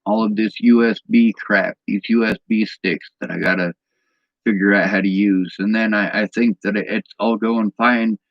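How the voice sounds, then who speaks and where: A man's voice: fairly low pitch, fairly even intonation, normal speed, no echo, lo-fi sound. A man in an angry personal vlog rant, bitter and agitated, swearing often.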